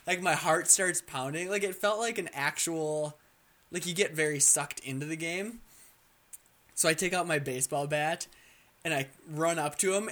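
An excitable young man tells gaming stories on a casual chat show. His voice sits a bit high, and he keeps restarting sentences and swearing as he gets carried away. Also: normal speed. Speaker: co-host.

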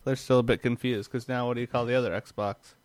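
A man's voice: medium pitch, fairly even intonation, fast, no room sound. A man co-hosting a podcast, chatting casually about tech news and often trailing off mid-thought. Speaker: podcast co-host.

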